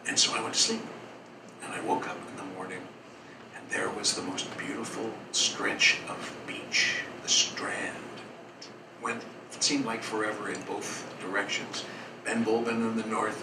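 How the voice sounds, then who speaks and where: Rambling male storyteller in a roomy café. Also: medium pitch. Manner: rambling, earnest, with small restarts. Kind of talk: live storytelling performance. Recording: roomy, distant, noisy live café.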